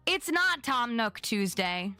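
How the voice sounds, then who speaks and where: Bubbly young woman streamer, bright voice. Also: a little high, big pitch swings, slow, smooth, no echo, soft background music. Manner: chatty, bubbly, greets viewers by name. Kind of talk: casual live-stream chat.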